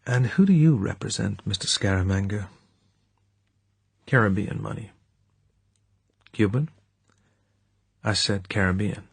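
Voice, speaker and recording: A man's voice: fairly low pitch, lively intonation, measured pace, vocal fry, pauses often, slightly rough, no echo, full character voice. A man voicing a cool, needling male British secret agent with a dry, probing manner.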